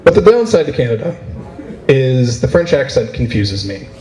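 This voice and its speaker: A male comedian doing stand-up at a convention, his voice swooping up and down as he delivers his jokes. He speeds up and slows down for effect, and the sound rings with the echo of a big room, recorded from out in the crowd. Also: medium pitch. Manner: animated, playful delivery with shifts of pace. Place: convention room before a live audience. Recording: roomy echo of a convention hall.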